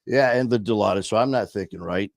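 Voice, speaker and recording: A man's voice: lowish voice, fast talker, no echo, studio quality. A man casually telling a personal story, blunt and profane, with many restarts and trailing phrases. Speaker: podcast host telling his story.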